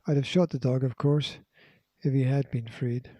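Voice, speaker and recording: A man's voice: mid-range voice, fairly even intonation, moderate pace, dry recording, natural voice. A man voicing a menacing armed villain. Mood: scornful. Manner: harsh, threatening, forceful.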